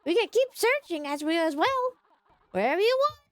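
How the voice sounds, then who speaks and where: A woman voicing a cheery high-pitched male game villager with a Southern drawl. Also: big pitch swings, a little fast. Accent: Southern American.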